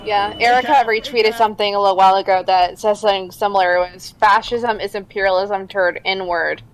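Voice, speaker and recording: A woman co-hosting a political stream, speaking calmly and agreeing in casual chat. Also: mid-range voice, fairly quick, poor audio.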